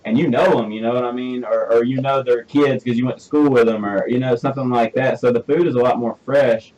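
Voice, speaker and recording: A man from Alabama with a Southern accent, hosting a radio interview in a rambling, excitable, laughing way. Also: medium pitch, fairly quick, distant mic, dull audio. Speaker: radio show host. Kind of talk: casual interview chat.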